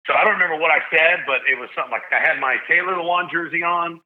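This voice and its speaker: A man's voice: a little high, fast talker. A man in his forties from Tennessee, a podcast guest telling a story in a casual, slangy way and acting out the voices he quotes. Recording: tinny phone-line sound.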